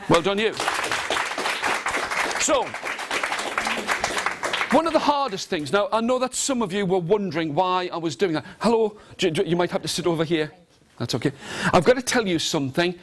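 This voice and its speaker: A male storyteller running an interactive workshop for a live audience. He speaks in a bright, high voice that swings up and down all the time, theatrical and animated as he coaxes the listeners into call-and-response. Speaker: storyteller and teacher trainer. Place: large room with a live audience.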